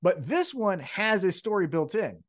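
A man in relaxed podcast conversation, chatty and swearing freely. His pitch moves in wide, lively swings as he retells moments. He sounds like a co-host recapping last night's show for a friend. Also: a little slow. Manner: chatty, recaps with acted-out quotes and profanity. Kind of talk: casual wrestling chat.

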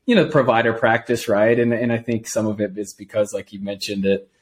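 A man hosting a podcast interview, talking in a halting way with many fillers and repeated words. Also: fairly low pitch, steady tone. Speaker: podcast host. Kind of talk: casual interview.

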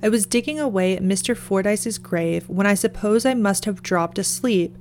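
A woman voicing an excited rustic gravedigger who eagerly tells a strange tale, in a storybook reading. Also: medium pitch, normal speed, a little hiss or hum, close to an everyday voice.

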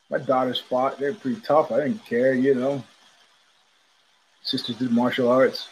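A man's voice: medium pitch, flat delivery, slow pace, pauses often, breathy edge. An older man hosting a casual talk show, rambling through stories and acting out the voices of people he quotes. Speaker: podcast host. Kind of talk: casual storytelling chat.

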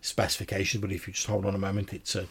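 A man's voice: deep voice, completely flat delivery, rapid-fire, creaky, a bit bright, a little hiss or hum. A man voicing a nervous, deferential older male tailor who stammers and apologizes, in a tabletop game. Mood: flustered.

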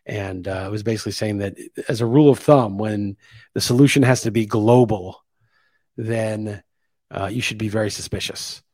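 A man's voice: fairly low pitch, normal speed, darkish tone, dry recording, clean studio sound. A man hosting his own podcast, delivering a casual opinion monologue and thinking aloud, pushing his voice up to stress key points. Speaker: podcast host.

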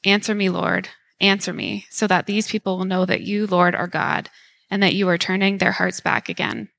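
Lady reading bible passage aloud, crisp bright tone, lots of vocal fry. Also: on the low side, steady tone, normal speed. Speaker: scripture reader. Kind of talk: scripture reading.

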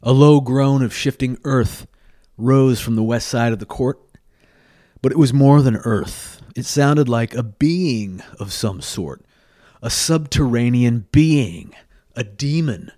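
A man reads a novel aloud in a measured, dramatic way. His voice is mid-pitched and recorded dry and close. He slips now and then. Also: mellow, no echo. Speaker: narrator. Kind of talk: storybook reading.

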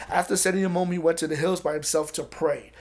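A man preaching a casual, conversational sermon, reading scripture aloud and breaking off for quick asides. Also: fairly high pitch, steady tone, darkish tone.

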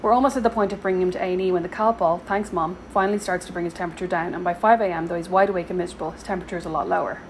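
Woman, 30s, lowish voice, slightly rough throat, dry wit, faint ambient noise. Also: fairly even intonation, rapid-fire, few pauses, low-quality recording. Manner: wry, dry sarcastic asides. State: sore throat and cough. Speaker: vlogger reading her weekly spending diary. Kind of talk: scripted diary narration.

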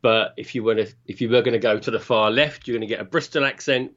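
A man's voice: mid-range voice, fairly even intonation, fast talker, a bit bright, highs cut off. A man with a southern English accent from around Reading, a podcast guest who rambles in an easygoing way with many fillers. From England. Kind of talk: casual podcast conversation.

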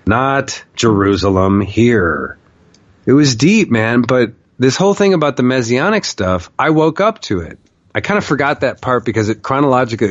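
A man's voice: mid-range voice, no echo, lo-fi sound. A man casually telling a long personal story, swearing freely and often saying "like.". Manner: candid, profane, with frequent "like" fillers.

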